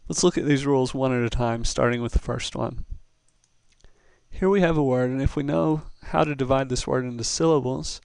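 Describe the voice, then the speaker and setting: A man's voice: medium pitch, normal speed, vocal fry, a little mellow, clean tone, no echo. A man teaching a recorded lesson, explaining step by step in a patient, methodical way. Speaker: Spanish teacher.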